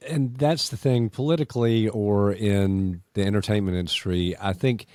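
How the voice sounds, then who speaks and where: A man from the United States hosting a podcast, his voice sitting low. He chats in an easy, unhurried way, full of small fillers. The sound is dry and close, with no room around it. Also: dry recording. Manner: relaxed, conversational, with frequent fillers. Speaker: podcast host. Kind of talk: casual interview conversation.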